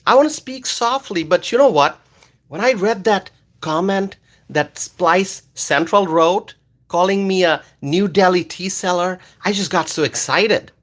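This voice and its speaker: A man from Bangladesh, hosting a casual livestream and reading viewer comments aloud, animated and loud at times. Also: high voice, measured pace. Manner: animated, loud at times, with many fillers and repeated words. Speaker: livestream host reading chat.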